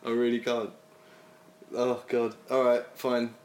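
A man's voice: medium pitch, monotone, slow pace, a little mellow. Laughing, teasing man. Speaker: podcast host. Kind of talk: casual banter.

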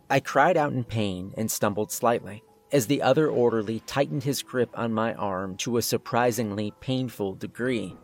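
A man's voice: mid-range voice, normal speed, hardly any pauses. A man narrating a first-person horror story in a tense, scripted way.

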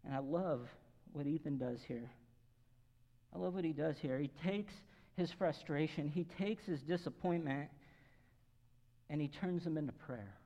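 A male pastor giving an earnest, emphatic sermon, swinging between raised and quiet passages. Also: a little high, a little slow, pauses often. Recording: long hall reverb, dull lo-fi sound.

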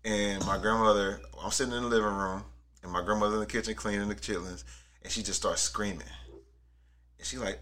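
Man, casual chat, animated storyteller, bright tone, laughs a lot. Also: lowish voice, a little fast.

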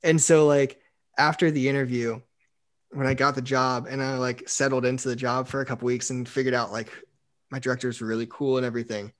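A young man in casual chat, telling animated stories and saying "like" often. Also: medium pitch, brisk. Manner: animated storyteller, acts out quotes, says "like" a lot. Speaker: university staff member.

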